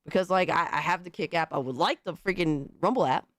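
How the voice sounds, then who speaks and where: Hoarse, excitable male live streamer. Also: on the high side, fairly quick, dry recording. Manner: excitable, profane, shouting out viewers. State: hoarse, recovering from illness. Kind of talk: casual live-stream chat.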